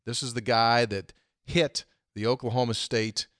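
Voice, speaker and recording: A man hosting a casual sports chat, telling stories in an animated way and chuckling as he mimics the people he quotes. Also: a little slow, no room sound, clean studio sound. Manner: animated, acts out quoted voices with big jumps in pitch; chuckles often while telling a story. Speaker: podcast host.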